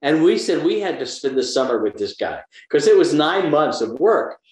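Older man telling lively stories, roomy sound. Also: a little high, moderate pace. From American South. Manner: animated storyteller, acts out quotes in lively voices. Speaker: actor, interview guest. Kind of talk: casual storytelling interview.

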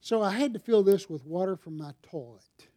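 In a church sanctuary, a middle-aged male pastor preaches at normal speed in a high-pitched, expressive, mellow voice. He treats the sermon like a conversation, talking casually with the people, questioning them, and using props.

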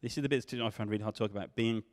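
A man preaching a sermon, swinging from loud questions to hushed tones. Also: fairly low pitch, fairly even intonation, rapid-fire. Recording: long hall reverb.

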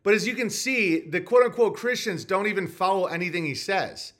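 A man's voice: sits high, lively intonation, brisk, fairly bright tone. A man hosting a live-stream podcast, reading viewer messages and answering with sarcastic, mocking rants.

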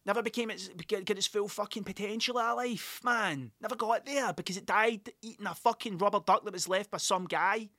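A man's voice: high-pitched, bright, forceful tone, dry recording, clean studio sound. A man with a Glaswegian Scottish accent, rambling through a sweary, wry story in a casual podcast monologue. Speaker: podcast host.

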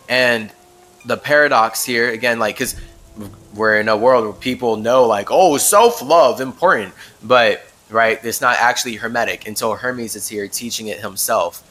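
Low-pitched yet bright, with a forceful tone, a man hosts a podcast where he reflects casually on spirituality. He rambles, speaks emphatically, and laughs a lot.

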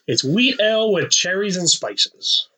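A man's voice: sits high, sing-song, a little slow, sharp tone, slightly rough, rough recording. A man co-hosting a beer-tasting podcast, joking crudely and swearing freely in casual chat. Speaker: podcast co-host.

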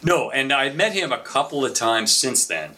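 Animated man telling stories, bright voice. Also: mid-range voice, moderate pace, slight background noise. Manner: animated anecdotal storyteller with frequent fillers. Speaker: podcast guest telling stories. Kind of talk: casual storytelling chat.

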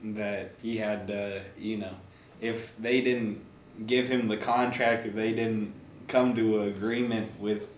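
A young man co-hosting a podcast, talking in a joking, loose way and swearing freely. His voice sits at an ordinary pitch and carries the echo of a bare room. A faint background hiss runs under it. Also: fairly even intonation, measured pace. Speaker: podcast co-host. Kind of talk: casual chat. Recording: echoey room.

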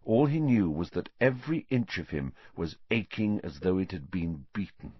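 Expressive husky male audiobook narrator. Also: sits low, moderate pace, few pauses, no room sound. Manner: dramatic, shifting pace with the action. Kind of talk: storybook audiobook reading. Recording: dull dry lo-fi sound.

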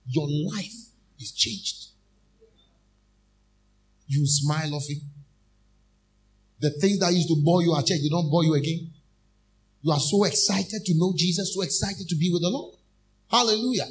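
A man's voice: on the high side, moderate pace, pauses often. A man preaching a sermon as a minister. He calls out questions to the congregation and draws out his key phrases with emphasis. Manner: call-and-response, repeating phrases to the congregation.

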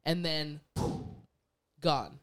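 Woman guest, casual chat, lively and opinionated, smooth resonant tone. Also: low-pitched, extremely slow. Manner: animated, acts out quoted voices, laughs often.

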